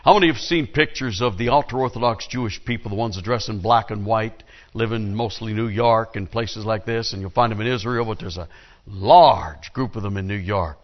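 A male pastor preaching a sermon with lively storytelling, calling on the congregation to answer. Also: on the low side, normal speed, highs cut off.

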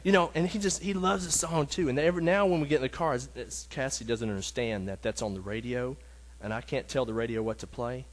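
A man teaching a casual Bible lesson, earnest and emotional, talking in a halting way with many restarts and fillers. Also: mid-range voice.

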